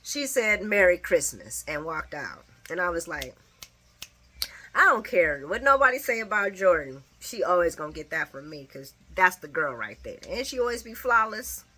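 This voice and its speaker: Animated woman with a lively, bright voice. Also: on the low side, normal speed. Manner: animated, opinionated, laughs often, cursing. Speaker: soap opera recap vlogger. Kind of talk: casual spoken recap.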